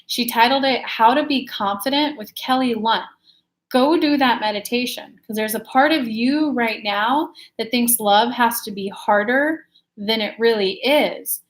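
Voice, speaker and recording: A calm guiding spirit, as a woman channels it. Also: fairly high pitch, measured pace, natural voice, rough recording. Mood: advising. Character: calm guiding spirit speaking through a medium.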